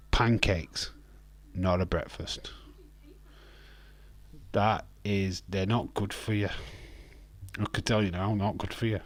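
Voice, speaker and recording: Recorded with no echo, a British man with a fairly low voice runs a livestream. His talk is a casual, laughing back-and-forth with the chat, full of jokes and rants.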